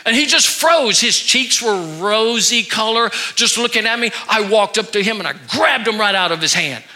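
Bright-voiced high preacher telling a story. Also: male voice, normal speed. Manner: animated storytelling, acting out his own anger then quiet remorse. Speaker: pastor. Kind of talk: sermon with a personal story. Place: church sanctuary.

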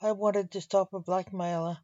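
A woman's voice: mid-range voice, steady tone, normal speed, warm tone, dry recording, lightly acted. Woman reading meddling male time lord. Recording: dull, dry lo-fi audio.

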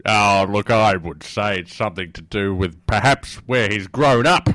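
A man's voice: lowish voice, moderate pace, fairly bright tone, no room sound, natural voice. A man voicing a blustery male caller with a broad Australian accent who swears a lot, in an improvised comedy sketch.

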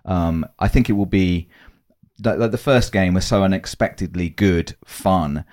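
Rambling enthusiastic man, low voice. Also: unhurried, darkish tone. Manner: rambling, enthusiastic, bursts of laughter. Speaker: podcast co-host. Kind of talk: casual chat reacting to game trailers.

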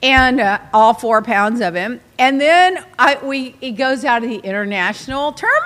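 A middle-aged woman with a high, sparkling voice tells a casual story in an animated, dramatic way, full of exclamations. Her voice carries a long reverb, as if from a large hall. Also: normal speed, hardly any pauses.

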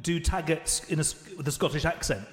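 Higher-voiced guy hosting an interview, teasing little jokes, very echoey room. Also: a little fast, soft background music. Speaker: interview host. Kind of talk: casual interview chat.

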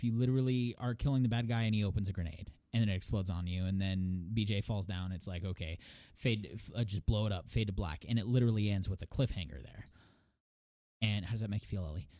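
A man's voice: lowish voice, a little fast, no echo. A man co-hosting a casual podcast, retelling a story with lots of energy and frequent laughs. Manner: animated storytelling, laughs often. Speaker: podcast co-host. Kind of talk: casual chat.

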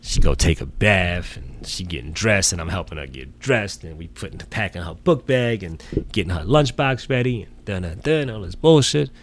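A middle-aged man from the Bronx, telling a profane, animated story as a podcast guest. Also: deep voice, normal speed, few pauses. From the Bronx, New York. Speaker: podcast guest, sneaker collector. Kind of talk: casual storytelling in an interview.

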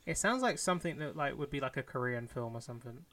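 A man's voice: medium pitch, lively intonation, fast talker, fairly bright tone. A man in casual film chat as a podcast co-host, blunt and sardonic, swearing freely.

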